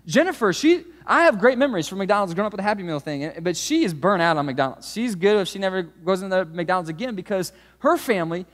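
A man in his thirties preaching a sermon, telling stories with lively swings from hushed asides to loud outbursts. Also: high-pitched, fast talker, hardly any pauses. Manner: animated storytelling, swings from hushed to shouting. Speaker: pastor. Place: church auditorium. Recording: long hall reverb.

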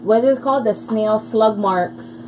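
A woman's voice: a little high, normal speed, background noise. A woman hosting a cooking livestream in her home kitchen, chatty and laughing things off. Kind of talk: casual chat while cooking.

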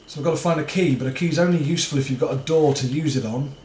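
A man commentates on a horror game at an ordinary pitch, chattering to himself in a jittery, swearing stream. His voice rings a little in an echoey room, with a faint hum of noise behind it. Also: fast talker, darkish tone. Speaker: gaming video host.

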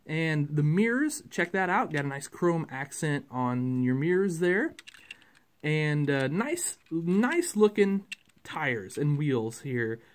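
A man's voice: a little high, big pitch swings, takes it slowly. A man, casually reviewing a model truck in a rambling, chatty way with many fillers.

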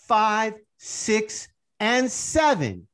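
Lively, effusive man co-hosting. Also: high voice, very slow, clear, resonant tone. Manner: effusive, swearing, teasing. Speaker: podcast co-host. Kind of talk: casual chat.

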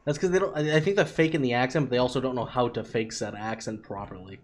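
A man's voice: medium pitch, fast talker. A man streaming an online shooter, talking in voice chat in a sarcastic, mocking and bossy way. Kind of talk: in-game voice chat.

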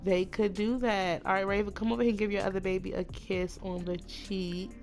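A woman chatting casually through a life-sim game, gushing over her characters and voicing them in quick asides. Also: medium pitch, flat delivery, a little mellow, soft background music. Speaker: Sims let's play narrator. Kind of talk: casual gameplay commentary.

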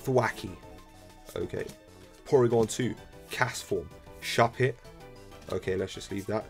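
A young man, chatting casually to viewers while opening trading cards, excitable and full of slang. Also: lowish voice, measured pace, soft background music. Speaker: card-opening video host. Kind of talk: casual card-opening commentary. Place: room at home. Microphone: laptop camera.

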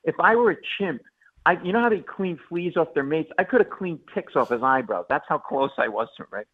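A man's voice: on the high side, expressive, a little fast, husky. A male comedian telling a story animatedly in a radio interview, acting out quotes and stammers. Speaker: guest comedian. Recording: tinny phone-line audio.

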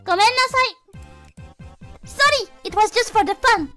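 Goofy woman VTuber on a livestream, very high bright voice, swears freely, reads chat. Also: moderate pace, long pauses, soft background music. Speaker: VTuber streamer.

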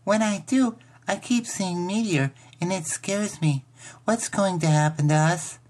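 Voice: mid-range voice, measured pace, darkish tone, voice pushed up, natural voice. A reader voicing an earnest, wide-eyed six-year-old girl in a storybook.

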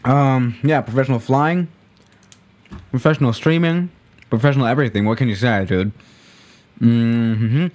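A man's voice: medium pitch, normal speed, pauses often, a little mellow. A man chatting casually on a live stream while playing a flight simulator, rambling and correcting himself as he goes. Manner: rambling, self-correcting, laid-back.

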